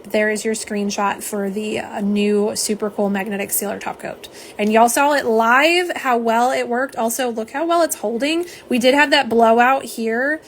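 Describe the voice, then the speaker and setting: A woman's voice: fairly high pitch, fairly even intonation, normal speed, few pauses, slight background noise. Chatty woman hosting a live stream. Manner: chatty, talks straight to viewers as "y'all" and reads out chat comments. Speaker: nail polish live-stream host. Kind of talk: casual live-stream chat.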